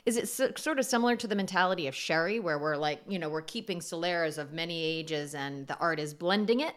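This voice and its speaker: A woman's voice: lowish voice, quick pace, fairly bright tone. A woman hosting a podcast interview, friendly and chatty, asking questions and laughing easily. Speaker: podcast host.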